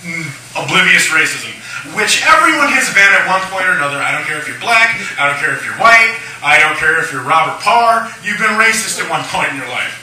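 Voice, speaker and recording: Tipsy young comic, bright high voice. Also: male voice, big pitch swings, brisk, slight background noise. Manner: crude, rambling, shock humor. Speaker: stand-up comedian. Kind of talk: live stand-up set. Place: lounge bar stage. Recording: echoey room, mic from far off.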